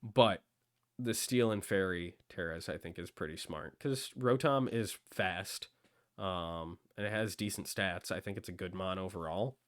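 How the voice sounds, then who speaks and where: A man's voice: sits low, a little slow, fairly bright tone, no echo, studio quality. A man hosting a casual discussion, talking in a hesitant way with many ums. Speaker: host.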